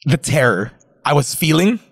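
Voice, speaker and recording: A man chats casually and reacts with quick jokes. His voice sits fairly high and moves a lot in pitch, especially when he puts on other voices. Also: sing-song, creaky. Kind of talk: casual chat.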